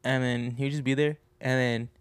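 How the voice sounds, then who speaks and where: A man's voice: medium pitch, little pitch movement, brisk, smooth, no echo. A teenage man co-hosting a podcast, telling rambling stories full of fillers and giggles. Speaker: podcast co-host. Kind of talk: casual chat.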